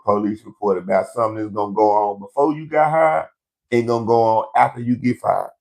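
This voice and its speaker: A man's voice: fairly low pitch, fairly even intonation, fairly quick, vocal fry, darkish tone. A man hosting a live comedy show, ranting in a brash, profane storytelling way to online viewers.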